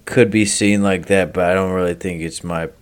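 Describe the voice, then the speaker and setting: A man's voice: deep voice, steady tone, normal speed. A man in casual podcast chat, laid-back with dry remarks.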